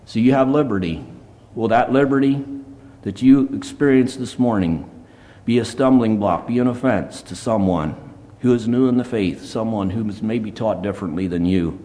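Earnest guy preaching a sermon in church, plain talk, reading bible verses out loud. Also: on the low side, moderate pace. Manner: earnest, plainspoken, reads scripture in King James wording. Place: church service.

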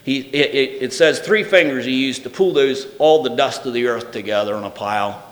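A man preaching a sermon. He reads scripture aloud, then shifts between loud, emphatic proclamation and soft, intimate speech. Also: mid-range voice, brisk. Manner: reads scripture aloud in old-fashioned wording. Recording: reverberant hall.

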